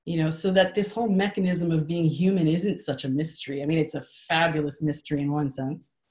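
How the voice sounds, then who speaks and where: A woman co-hosting a group session over a video call, chatting in an animated, rambling way with laughs and self-corrections. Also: low-pitched, a little fast. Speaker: co-host leading the session. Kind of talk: casual chat on a video call.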